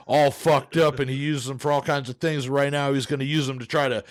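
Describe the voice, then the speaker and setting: A man's voice: mid-range voice, fairly even intonation, brisk. A man co-hosting a podcast, telling a comic story in a rambling, profane way. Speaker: podcast co-host.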